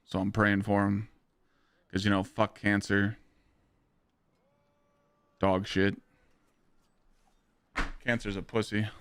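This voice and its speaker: His voice is fairly low with little pitch movement, slow and full of pauses, a bit bright and clean. He's a young man live-streaming a game, rambling casually with plenty of profanity while reading chat aloud and responding to viewers.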